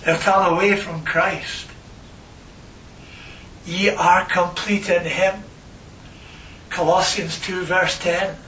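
A man preaching a sermon and reading scripture, slow and emphatic, repeating phrases for stress. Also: sits high, little pitch movement, sharp tone, slight background noise. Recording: echoey room, voice from a distance.

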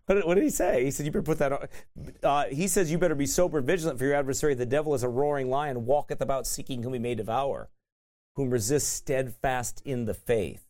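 A man's voice: medium pitch, fast talker, a little mellow. A man teaching a sermon in a conversational way, often tossing in "right?" and laughing at himself. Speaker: pastor.

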